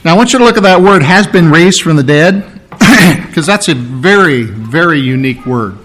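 Emphatic male preacher, slightly high voice. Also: expressive, normal speed, a bit bright. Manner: emphatic, repeats key words, varies pace widely. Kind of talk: expository sermon.

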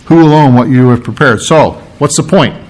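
A man's voice: mid-range voice, moderate pace, a little mellow, poor audio. A man preaching a sermon, explaining scripture word by word in an earnest, teacherly way and repeating key phrases for emphasis. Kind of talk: sermon with Bible reading.

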